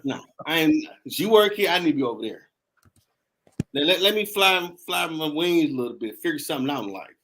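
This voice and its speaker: Man, high bright voice, animated laughing storyteller. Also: a little fast, a little hiss or hum. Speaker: host. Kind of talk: casual storytelling chat.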